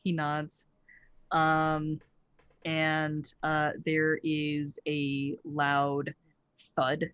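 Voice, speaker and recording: A game master narrating a tabletop game in a halting way with lots of "uh" and "um". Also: mid-range voice, a bit bright, dry recording. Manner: halting narration with many fillers.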